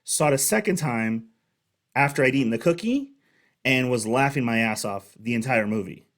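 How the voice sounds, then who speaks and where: A man's voice: mid-range voice, animated, normal speed, fairly bright tone. A young man hosting a reaction video, telling his own stories in a rambling, chatty way. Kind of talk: casual commentary.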